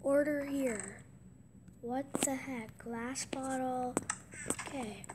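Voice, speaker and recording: A woman giving casual game commentary in an excitable voice, gasping with surprise and dropping into hushed asides. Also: high voice, slow, background noise. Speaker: gameplay commentator.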